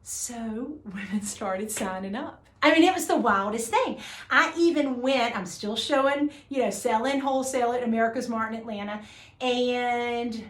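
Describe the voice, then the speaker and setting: A woman's voice: fairly high pitch, moderate pace, echoey room. A woman, a jewelry business owner telling a story casually to the camera with lots of fillers and restarts. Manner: chatty, uses y'all, many fillers and restarts.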